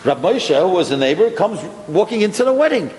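Male storyteller, animated, slightly high voice, echoey hall, faint noise. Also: fairly quick. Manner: animated, acts out dialogue. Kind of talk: storytelling talk.

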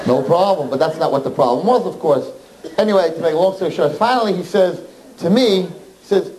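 A man, a rabbi, telling a story to an audience in an animated, emphatic way, often slipping into the voices of the people in it. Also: high-pitched, a little fast, poor audio.

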